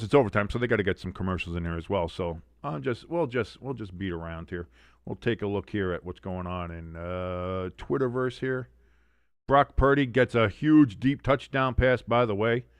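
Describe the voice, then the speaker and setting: A man's voice: lowish voice, moderate pace, clean tone, dry recording. A man hosting a casual live sports watch-along, chatty, with sarcastic, mocking asides.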